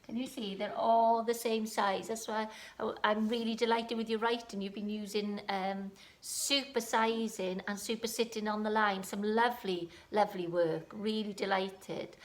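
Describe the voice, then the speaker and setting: In a home-learning phonics session, a Welsh woman who teaches primary school slowly and encouragingly sounds out letters. Her mid-range voice holds a steady tone that's fairly bright.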